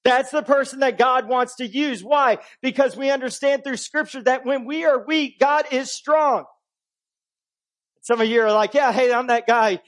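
A pastor preaching a conversational sermon, swinging between emphatic and hushed delivery. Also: male voice, extremely high pitch, unhurried.

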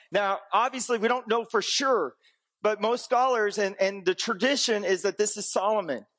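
A man preaching a conversational sermon, teaching with rhetorical questions and light humor, swinging between raised emphatic passages and low, quiet ones. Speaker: pastor.

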